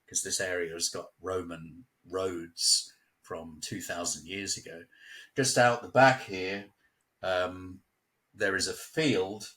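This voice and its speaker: A man's voice: sits low, pushed and bright. A man from England chatting casually as a local guest, telling stories and laughing often. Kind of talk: casual chat. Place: at home near a village.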